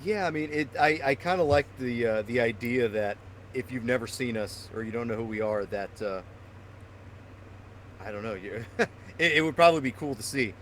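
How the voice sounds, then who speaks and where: A man with a medium-pitched, slightly bright voice talks at a moderate pace over slight background noise. Co-hosting a casual podcast as a band member, he shares band stories, laughing and doing impressions of his friends.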